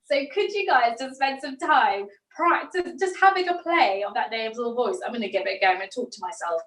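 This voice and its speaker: A British woman leading a drama workshop, encouraging and playful as she guides a vocal warm-up. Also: on the high side, brisk, far from the mic. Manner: encouraging, playful, demonstrates voices. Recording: roomy sound, a bit off-mic.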